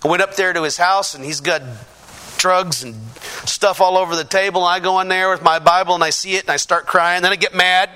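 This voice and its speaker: A middle-aged man from the Pacific Northwest giving a lively personal testimony, poking fun at himself and acting out what people said. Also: high voice, fairly quick, smooth. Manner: lively, self-mocking storyteller who acts out quotes. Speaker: church testimony speaker.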